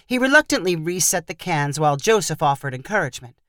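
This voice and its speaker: A woman narrating a short story in an expressive storytelling manner. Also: sits low, quick pace, dry recording, studio quality.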